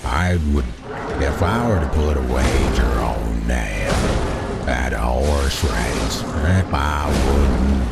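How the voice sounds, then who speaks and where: Very deep gravelly drawl. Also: male voice, exaggerated voice. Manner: slow drawl with a twang. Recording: loud game music over voice. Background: loud game music.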